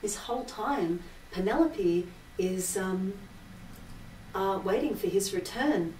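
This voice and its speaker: A woman's voice: mid-range voice, lively intonation, takes it slowly, a little mellow, slight background noise. A woman singer hosting a live-stream concert, chatting casually between songs and rambling through myths with many fillers. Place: indoor room with an altar. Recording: roomy echo, heard from a distance.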